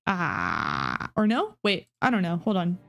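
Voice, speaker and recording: A woman giving casual, excitable reaction commentary on a video game, swearing freely and thinking out loud. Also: on the low side, unhurried, gravelly, soft background music. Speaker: gaming reaction streamer.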